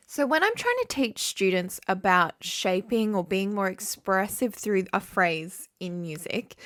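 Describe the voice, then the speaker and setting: Woman music teacher talking thru a podcast lesson, friendly and clear, mid-pitched voice, super dry close mic. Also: fairly bright tone, dry recording. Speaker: saxophone teacher and podcast host. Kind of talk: scripted solo podcast lesson.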